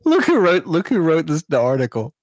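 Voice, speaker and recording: A man co-hosting a casual comedy podcast, giggly and quick with incredulous reactions. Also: fairly high pitch, wildly swooping pitch, darkish tone, no room sound, clean studio sound. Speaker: podcast co-host.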